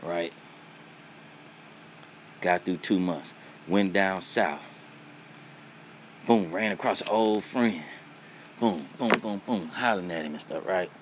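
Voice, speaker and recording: A man's voice: sits low, takes it slowly, long pauses, lo-fi sound, a little hiss or hum. A man telling his story casually in slangy, profane, punchy speech. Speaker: interviewee.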